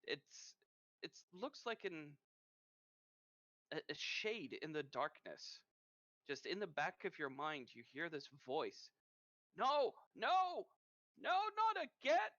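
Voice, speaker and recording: A man with a Norwegian accent narrating a tabletop game as game master in a lively storytelling manner. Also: fairly high pitch, slow, long pauses, no room sound. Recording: muffled lo-fi mic.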